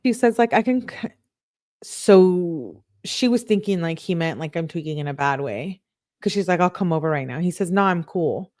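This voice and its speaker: A woman hosting an online show, reading text messages aloud and breaking in with quick reactions of her own. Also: fairly low pitch, lively intonation, a little mellow, dry recording, clean studio sound. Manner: reads quotes then breaks in with quick reactions. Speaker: online true-crime show host.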